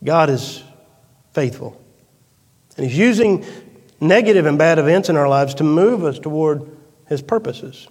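A man preaching a sermon as pastor, swinging between loud emphatic peaks and hushed, quiet storytelling. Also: a little high, animated, unhurried, pauses often, slightly rough. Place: church sanctuary. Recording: long reverb of a church hall.

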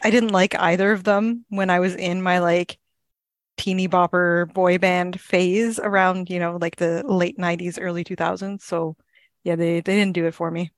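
A Canadian woman in her thirties co-hosts a podcast, talking in a relaxed way with dry, wry humor. Her voice is on the low side for a woman and sounds close-miked and dry. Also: moderate pace, no room sound. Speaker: podcast co-host. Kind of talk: casual chat.

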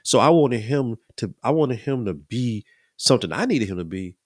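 A man's voice: mid-range voice, lively intonation, moderate pace, no room sound, clean studio sound. A middle-aged man, talking earnestly in a casual preaching style, often repeating and restarting his words. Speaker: podcast host.

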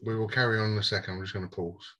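A man's voice: fairly low pitch, fairly even intonation, racing, bright, forceful tone, low-quality recording. A British man running a tabletop game, narrating scenes and chatting casually with his players. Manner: casual, laid-back, swears. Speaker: game master.

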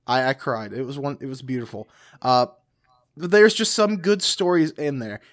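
Talking at a moderate pace with a medium pitch, this male podcast co-host keeps things casual but emphatic. He tends to restate his points and laughs a lot.

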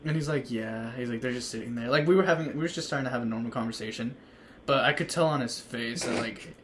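A man's voice: mid-range voice, quick pace, crowd noise. A young man telling a rambling story on a podcast, full of restarts and acted-out quotes, laughing often. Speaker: podcast guest. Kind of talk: casual storytelling among friends.

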